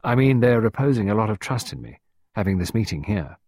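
A man's voice: on the low side, sing-song, brisk, a little mellow, dry recording, studio quality. A man doing a pompous, secretive official. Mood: self-important. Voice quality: grave, solemn, self-important.

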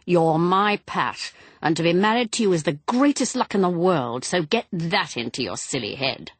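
A woman's voice: lowish voice, expressive, normal speed, breathy edge, no room sound, pitched above the performer's own voice. A woman reading Lance, a pressing young husband. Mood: coaxing. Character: protective young husband, brisk and urgent. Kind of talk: audiobook character reading.

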